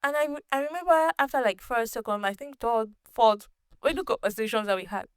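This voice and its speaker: A woman hosting her own podcast, telling a personal story in a casual, animated way, laughing often and restarting sentences. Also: a little high, fairly quick, clean tone, no room sound, studio quality. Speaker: podcast host.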